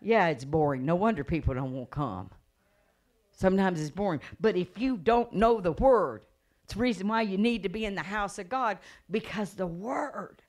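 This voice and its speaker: A middle-aged woman evangelist preaching a revival sermon, telling stories with acted-out voices and rising to a loud preaching cadence. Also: medium pitch, normal speed. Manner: animated storytelling, acts out voices and gasps.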